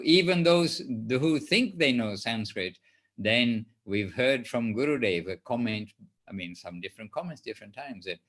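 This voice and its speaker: A man leading a spiritual class, answering a question in a gentle, reassuring way with many pauses. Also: mid-range voice. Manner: soft-spoken, reassuring, hesitant with fillers. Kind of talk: gentle explanatory teaching.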